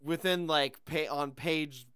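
A man's voice: fairly high pitch, slow, smooth. A man guest on a podcast, chatting casually and animatedly about a movie and its comic. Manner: animated, comparing film to the comic. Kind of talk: casual chat.

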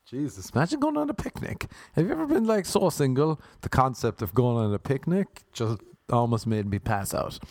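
A man's voice: mid-range voice, darkish tone, dry recording, clean studio sound. A young man from Ireland with an Irish accent, riffing through a playful, rambling comic monologue that slips into crooned sing-song lines.

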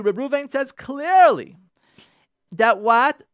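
A man's voice: high voice, very animated, fairly quick, no room sound. Rabbi guy on a radio talk show, voice swoops up and down a lot, dry close sound, keeps repeating himself for emphasis. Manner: emphatic, repeats key phrases, swings between loud urging and soft pleading. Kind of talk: impassioned radio talk lecture.

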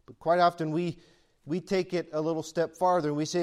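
A man's voice: on the high side, little pitch movement, a little fast, smooth. A man preaching a sermon in a conversational style that swells into emphatic peaks. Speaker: pastor.

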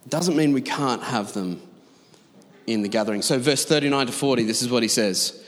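A man preaching to a large congregation, his voice ringing with the long reverb of a big church hall. He talks in a conversational, emphatic way, stopping for quick asides. His pitch sits mid-range for a man. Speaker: pastor. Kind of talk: sermon.

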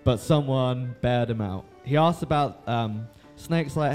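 A man's voice: mid-range voice, a little slow, few pauses, darkish tone, faint music behind. A young man recapping a book in a loose, rambling way, swearing freely and filling gaps with ums and likes. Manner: swears freely, lots of fillers.

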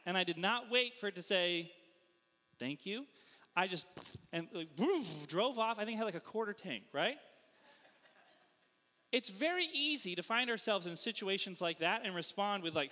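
Pastor from the Northeastern US, male, high and bright, swooping delivery, comic self-mocking storyteller, sanctuary reverb. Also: animated, moderate pace. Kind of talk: storytelling sermon.

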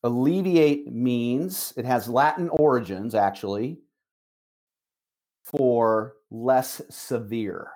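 A middle-aged man, a managing broker, giving an emphatic motivational talk on a call, repeating key phrases with slow, deliberate stress. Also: mid-range voice, a little mellow.

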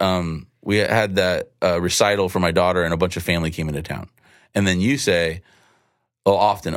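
A man's voice: deep voice, brisk, no echo, clean studio sound. A man telling a story and teaching, acting out both sides of a conversation. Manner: animated, acts out dialogue in quotes. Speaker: guest speaker on evangelism.

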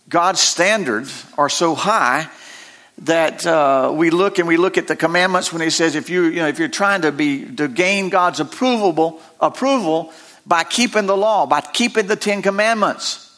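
Older man, pastor preaching a folksy, animated sermon; high, bright voice, jokes at his own expense. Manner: folksy, animated, self-deprecating humor.

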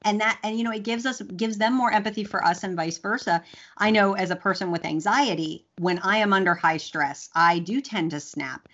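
A woman's voice: mid-range voice, normal speed, fairly bright tone. A woman veterinarian chatting candidly on a podcast, acting out the lines she quotes. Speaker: veterinarian guest. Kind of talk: casual podcast chat. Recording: dull lo-fi sound.

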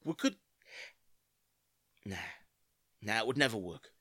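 A man playing an excitable, scheming pub regular in a comedy audio play. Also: fairly low pitch, slow, dry recording, clean studio sound, full character voice. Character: scheming beer-loving British bloke, excitable.

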